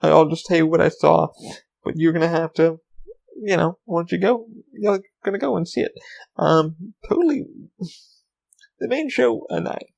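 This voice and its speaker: A man's voice: on the high side, normal speed, creaky, pauses often, a little mellow, muffled recording. A man hosting his own podcast, chatting casually and rambling with lots of ums and swearing. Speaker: podcast host. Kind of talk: casual solo podcast chat.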